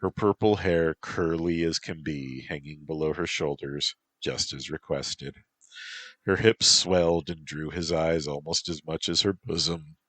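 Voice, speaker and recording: A man narrating a story in a slow, even reading voice. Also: very deep voice, dry recording.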